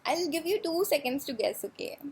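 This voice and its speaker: Chatty young Indian woman, gravelly edge. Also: high voice, expressive, fairly quick, poor audio. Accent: Indian English. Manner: chatty, swears freely, mixes in Hindi. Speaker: vlogger. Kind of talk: casual storytime chat.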